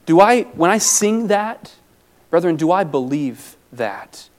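A man preaching a sermon, earnest, rising to emphatic peaks and dropping low and soft on reflective lines. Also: big pitch swings, takes it slowly.

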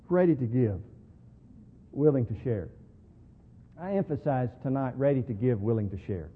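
A man preaching a sermon, moving between quiet talk and loud, slow emphasis on key words. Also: medium pitch, sing-song, husky. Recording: tinny phone-like sound in a reverberant hall.

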